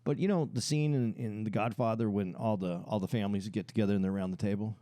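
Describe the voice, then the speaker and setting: A man's voice: fairly low pitch, fairly even intonation, dark tone, no echo. A man co-hosting a podcast, explaining his views earnestly with frequent restarts. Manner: halting, restarts often, lectures earnestly. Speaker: podcast co-host. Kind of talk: casual podcast discussion.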